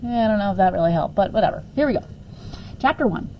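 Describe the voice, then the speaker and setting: A woman reading a children's chapter book aloud in an expressive, dramatic storytelling voice at a middle pitch. A faint hiss sits in the background. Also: fast, highs cut off.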